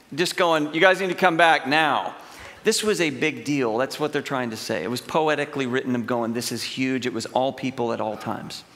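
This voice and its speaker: Man, middle-aged, sermon, storytelling, mid-pitched voice, reverberant church hall. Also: fairly bright tone. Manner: conversational storytelling with emphatic acted-out quotes. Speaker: preacher. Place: large church auditorium.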